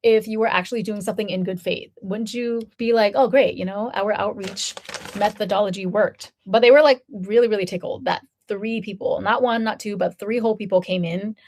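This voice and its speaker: A woman's voice: medium pitch, fairly even intonation, a little fast, darkish tone. A woman in her thirties telling a story to her viewers in a chatty, casual way, full of "like" and acted-out quotes. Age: 30s. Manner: chatty, lots of "like", acts out quoted voices. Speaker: vlogger.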